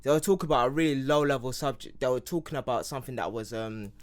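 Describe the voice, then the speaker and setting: A man's voice: mid-range voice, fast. A young man with an English accent, of Nigerian heritage, chatting casually as a podcast co-host and rambling with many fillers. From Nigeria (Yoruba heritage). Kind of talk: casual chat.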